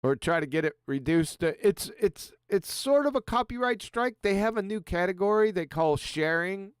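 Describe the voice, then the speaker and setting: A man hosting a relaxed livestream panel, his voice smooth and resonant and pitched a little high for a man. He chats easygoing and chuckles, often stumbling and restarting his words. The sound is close and dry. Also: normal speed, no echo. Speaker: livestream host. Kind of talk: casual panel chat.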